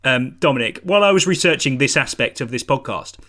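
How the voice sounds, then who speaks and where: A man's voice: medium pitch, animated, fairly quick, sharp tone. A man hosting a podcast, playful and enthusiastic, teasing his guest with questions. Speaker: podcast host. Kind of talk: casual chat.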